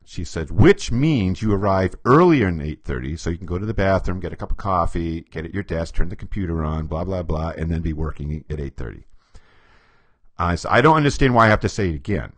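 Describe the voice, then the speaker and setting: A man with a fairly low voice swings widely in pitch as he walks through a story about behavior profiling. He acts out other people's lines and chuckles as he goes. The sound is dry and close, with no room echo. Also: brisk. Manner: animated, acts out quotes, chuckles often. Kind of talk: storytelling explanation to camera.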